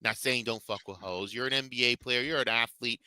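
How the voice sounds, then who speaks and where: A man's voice: medium pitch, fairly even intonation, a little fast, pushed and bright, dry recording. A man hosting a talk stream, ranting and mocking in profane commentary. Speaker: podcast host.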